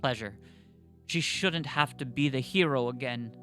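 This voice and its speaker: A man co-hosting a podcast in casual chat, excitable and rambling, full of fillers. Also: mid-range voice, measured pace, faint music behind. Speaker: podcast co-host.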